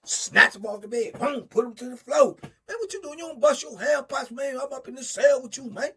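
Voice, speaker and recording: Man doing a giant furious inmate, shrill yelling, husky edge, menacing. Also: normal speed, heavily acted. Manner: shouting, threatening, high-pitched rage. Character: huge furious male inmate, explosive and menacing.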